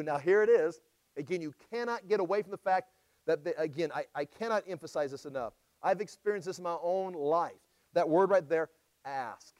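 A man's voice: high voice, lively intonation, brisk, no room sound. A man preaching a sermon as a pastor, emphatic and full of rhetorical questions.

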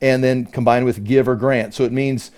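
A man's voice: medium pitch, little pitch movement, normal speed, a little mellow. A man leading a verse-by-verse Bible study, explaining Greek words and stressing key phrases while he checks his notes. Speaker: Bible teacher.

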